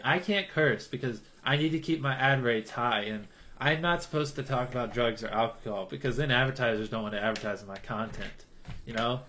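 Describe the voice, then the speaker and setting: A young man chatting casually on a livestream, joking with his chat, swinging between loud hype and low mumbles.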